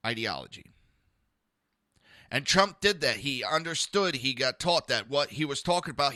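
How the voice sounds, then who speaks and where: A man's voice: fairly high pitch, pushed and bright, dry recording, clean studio sound. A man hosting a political talk podcast, ranting bluntly and sarcastically with lots of profanity and talking to his live listeners. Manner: talks to listeners in a live chat. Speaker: podcast host.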